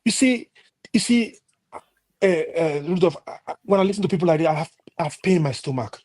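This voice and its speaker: A man's voice: fairly high pitch, lively intonation, a little fast, a little mellow. A Nigerian man ranting indignantly as a panelist in a heated discussion, repeating himself.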